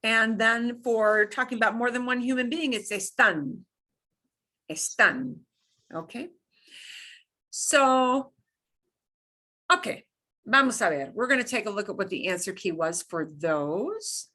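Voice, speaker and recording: A woman's voice: a little high, expressive, unhurried, long pauses, sharp tone. A woman teaching a beginners' Spanish class, explaining patiently with examples and repetition. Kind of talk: classroom lesson.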